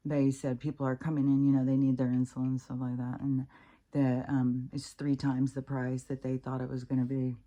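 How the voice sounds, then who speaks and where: Low-voiced woman ranting casually. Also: little pitch movement, normal speed, dark tone. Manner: frank, frustrated, swears a lot; rambling, with many fillers and restarts. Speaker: vlogger. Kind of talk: casual rambling monologue.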